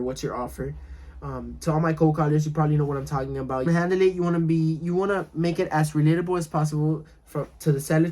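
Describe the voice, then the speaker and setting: Mellow-voiced man coaching sales calls. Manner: role-plays calls with sellers, laughing at his own lowball offers; repetitive, restarts often. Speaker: real estate wholesaling coach. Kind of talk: casual instructional talk.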